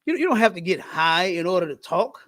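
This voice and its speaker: A man's voice: high voice, big pitch swings, fairly quick, fairly bright tone. A man hosting a podcast in casual chat, talking in an emphatic, preachy way and repeating his points. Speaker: podcast host.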